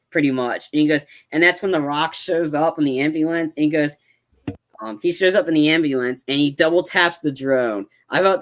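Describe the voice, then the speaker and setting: A man co-hosting a podcast, excitedly recapping film scenes with lots of fillers and acted-out quotes. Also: on the high side. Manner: animated retelling, acts out quotes, lots of fillers. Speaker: podcast co-host. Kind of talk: casual movie review chat.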